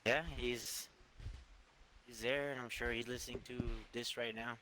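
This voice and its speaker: Bright-voiced, rambling man swearing casually. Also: mid-range voice, steady tone, slight background noise. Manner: rambling, profane, halting with fillers. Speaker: co-host of a gaming channel. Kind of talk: casual memorial chat.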